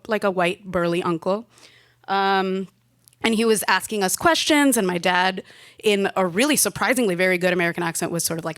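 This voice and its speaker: A woman's voice: medium pitch, a bit bright, no echo, studio quality. A woman in her late twenties from India telling a personal story to a live audience. She speaks into a handheld stage mic in a chatty, wry way and laughs now and then. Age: late 20s.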